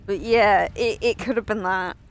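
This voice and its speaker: A woman's voice: medium pitch, a little slow, slight background noise. A woman chatting casually while streaming a game, rambling and swearing in self-mocking asides. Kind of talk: casual gameplay stream chat.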